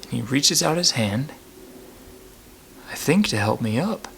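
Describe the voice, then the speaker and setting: A man playing a struggling working-class henchman and father, talking in halting, stammering bursts in a mock documentary interview. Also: medium pitch, expressive, vocal fry, fairly bright tone, slight background noise. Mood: shaken. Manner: halting, stammering, full of restarts.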